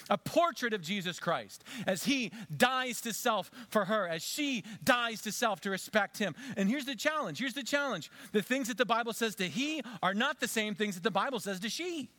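A man preaching a sermon as a pastor in a church, conversational, dropping to soft, low tones for emphasis. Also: lively intonation, normal speed, hardly any pauses, no echo. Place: church sanctuary.

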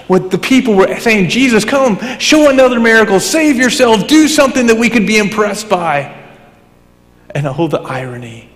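A male pastor preaching a sermon, swinging between fervent raised emphasis and hushed, low passages. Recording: long hall reverb.

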